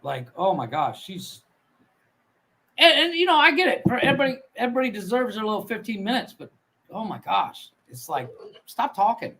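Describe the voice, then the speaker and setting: A man's voice: sits high, sing-song, brisk, sharp tone, slightly rough, poor audio. A man co-hosting a comedy podcast, chatting bluntly and crudely, often stammering as he restarts. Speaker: podcast co-host. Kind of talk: casual comedy chat.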